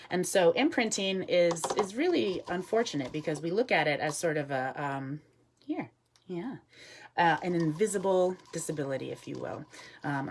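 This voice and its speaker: A woman with a low voice gives a relaxed live talk as a wildlife educator, filling her sentences with ums. She answers viewers' comments and murmurs soft asides to the bird beside her. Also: slight background noise. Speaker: wildlife educator with an animal ambassador.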